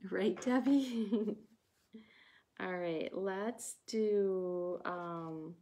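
Slow, chatty woman with a Wisconsin accent. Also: medium pitch, dark tone. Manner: chatty, talks to viewers while painting. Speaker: craft livestream host. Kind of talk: casual livestream craft chat.

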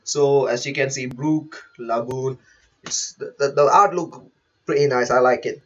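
Husky man reading manga aloud. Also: mid-range voice, steady tone, measured pace, a bit bright, muffled recording. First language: not English. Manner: chatty, reads panels aloud, laughs often. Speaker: manga reaction host. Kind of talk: live reaction commentary.

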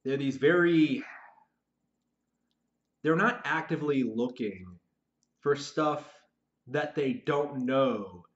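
A man's voice: mid-range voice, slow pace, long pauses, dull audio. A man talking off the cuff to his channel about his writing, stumbling over his words with many fillers and restarts, sounding frustrated. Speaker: aspiring novelist vlogger. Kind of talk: unscripted monologue to camera.

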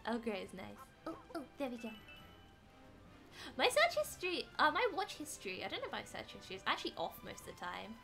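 A woman's voice: a little high, huge pitch swings, brisk, vocal fry, pushed and bright. A young British woman chatting playfully while streaming a game, exclaiming as she plays. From Britain. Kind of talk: casual gaming stream chat. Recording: faint background music.

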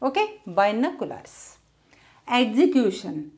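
A woman teaching pronunciation, saying each word slowly and repeating it while she breaks it into syllables. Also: a little high, big pitch swings, darkish tone. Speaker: English teacher. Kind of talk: slow word-by-word pronunciation lesson.

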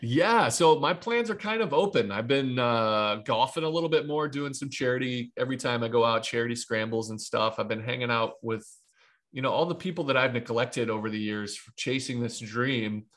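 A man from Ohio in his thirties talks as an interview guest, rambling through baseball stories. He restarts and circles back often. His voice sits at an ordinary pitch. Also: moderate pace, fairly bright tone. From Ohio, USA. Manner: rambling, with frequent restarts and asides. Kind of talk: casual interview storytelling.

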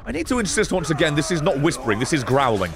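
A man streams a video game live and talks through his play in an excitable, profane, chatty way. His voice is on the high side and gravelly, and it jumps around a lot in pitch. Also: fast. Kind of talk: live gameplay commentary.

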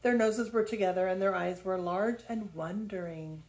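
A woman's voice: mid-range voice, moderate pace. Grandmother reading a children's story aloud. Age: older. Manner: lively, expressive storytelling.

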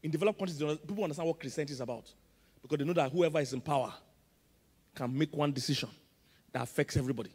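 A man with a Nigerian accent, a pastor preaching a sermon with emphatic call-and-response, swinging between loud and soft. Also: on the high side, rapid-fire, pauses often, slightly rough, in a large hall. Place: large church auditorium.

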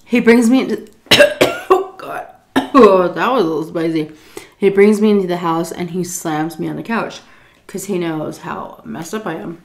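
Animated profane woman telling a story. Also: normal speed, reverberant. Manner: animated, profane, acts out quotes in a high voice. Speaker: YouTube storyteller. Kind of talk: casual storytime while eating. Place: home, indoors.

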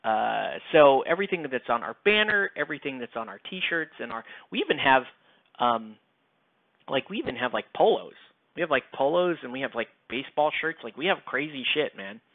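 A man's voice: medium pitch, lively intonation, normal speed, no echo. Rambling man with a tinny, phone-like sound. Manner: rambling, full of fillers, swears casually. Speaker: miniature painting channel host. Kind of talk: casual chat while painting.

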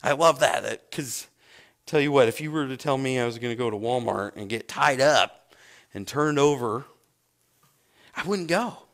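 A man's voice: medium pitch, normal speed, long pauses, a bit bright. A man, a pastor preaching a sermon and acting out scripture scenes with big swings in his voice.

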